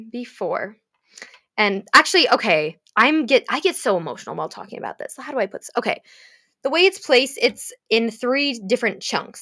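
A young woman gushing about a book to her viewers, swearing freely and swinging between gasps, whispers and shouts. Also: fairly high pitch, no echo, studio quality. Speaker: fanfiction vlogger. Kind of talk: emotional casual rant about a book.

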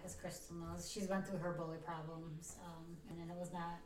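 Low woman speaking far from the mic in an echoey room. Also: level tone, moderate pace, slight background noise. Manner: chatty, many fillers. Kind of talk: casual chat.

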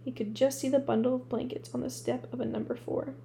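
A woman reading a storybook aloud at a steady pace, restarting a word now and then. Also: sits high, fairly quick, creaky, slight background noise. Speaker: audiobook reader.

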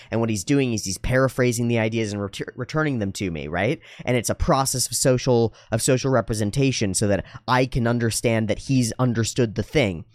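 A man's voice: on the low side, no room sound, clean studio sound. A man hosting a podcast, talking casually and reflectively, acting out dialogue in different voices and swearing casually. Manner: animated storyteller, acts out dialogue in voices. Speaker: podcast host.

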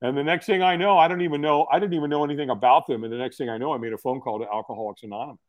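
A man's voice: mid-range voice, fairly even intonation, rapid-fire, muffled recording. A middle-aged man, telling his story casually as a podcast guest in an earnest, folksy way. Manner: earnest, folksy, repeats words when starting sentences.

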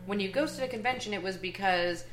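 A woman's voice: medium pitch, fairly quick, noisy background. Female podcast guest, emphatic and opinionated, roomy home sound. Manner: opinionated, emphatic, animated storytelling. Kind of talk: casual chat. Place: a house.

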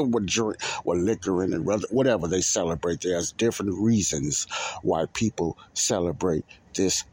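A man hosting a religious podcast in a casual, rambling monologue. He repeats himself, leans on fillers like "uh" and "you know", and slows down to stress key words. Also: low-pitched, a little mellow, slightly rough. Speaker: podcast host.

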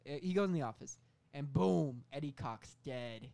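A man's voice: a little high, animated, normal speed, vocal fry, dark tone. A man co-hosting a comedy podcast, telling a story in a rambling, casual way full of fillers. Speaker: podcast co-host pitching a movie.

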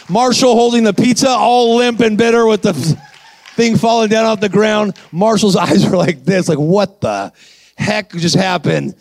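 A man with a high, gravelly voice preaches at normal speed, with no room sound in the recording. He acts out lines from his story and calls out to the congregation.

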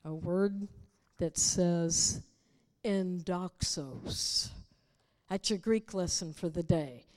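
A woman's voice: lowish voice, extremely slow, a little mellow, big-room sound. A woman preaching a sermon, teaching the congregation and asking them rhetorical questions.

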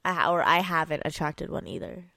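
A woman's voice: deep voice, steady tone, brisk, bright, forceful tone, no echo. A young woman co-hosting a podcast with a stuffy nose, talking bluntly and swearing freely. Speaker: podcast co-host. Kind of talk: casual podcast chat.

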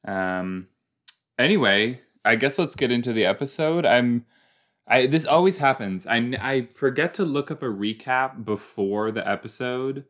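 A man's voice: medium pitch, a bit bright. A young man hosting a casual watch-along podcast, rambling and chatty with joking asides. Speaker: podcast host.

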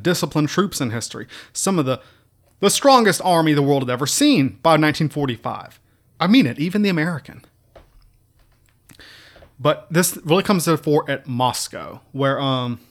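A man hosting a casual history talk, emphatic, repeating key words for stress and slipping in mocking asides. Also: mid-range voice. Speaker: history video host.

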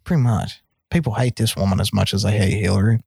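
A man co-hosting a podcast, telling a wild story in a casual, profane, animated way with big swings in his voice. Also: lowish voice, quick pace, vocal fry, husky, no echo, studio quality. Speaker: podcast co-host.

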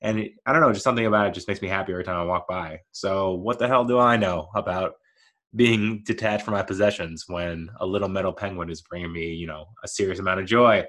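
A man's voice: low-pitched, fairly even intonation, fast, a bit bright. A man in his thirties talking casually on his own show, rambling and laughing at himself, mild-mannered and never raising his voice. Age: 30s. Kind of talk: casual solo monologue.

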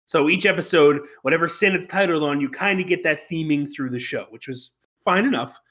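A man's voice: on the high side, fairly quick, fairly bright tone. A man co-hosting a podcast, reviewing an anime in casual chat, wry and rambling with plenty of fillers and restarts. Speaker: podcast co-host.

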